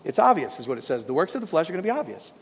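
A man preaches a sermon, casual and animated, tossing asides to the congregation. His voice is gravelly and slightly husky, pitched a little high for a man. It carries a long reverb from a church hall. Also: racing.

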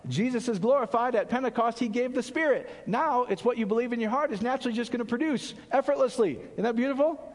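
A man with a high voice preaches a casual sermon. His delivery is animated and conversational, full of asides and jokes. The sound rings with a long hall reverb. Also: quick pace, hardly any pauses. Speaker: pastor. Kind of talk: casual sermon to a small group.

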